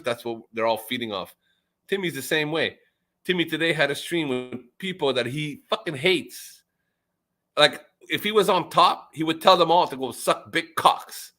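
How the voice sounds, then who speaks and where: A man with a bright, forceful voice pours out a profane, rambling rant in a casual group chat. He stammers and repeats himself as he goes, and his voice leaps upward whenever he gets worked up. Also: moderate pace. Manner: loud, swearing, pitch jumping when riled. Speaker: chat participant.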